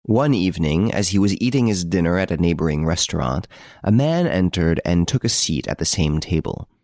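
A man narrating an audiobook of a crime story in a measured, steady reading. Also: low-pitched, no echo, clean studio sound. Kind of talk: scripted narration.

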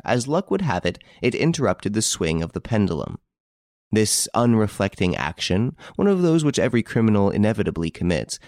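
A man's voice: low-pitched, a little mellow, no room sound, clean studio sound. A man reading a classic detective story aloud as sole narrator, lifting his voice for the characters' lines. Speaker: audiobook narrator. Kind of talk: scripted narration.

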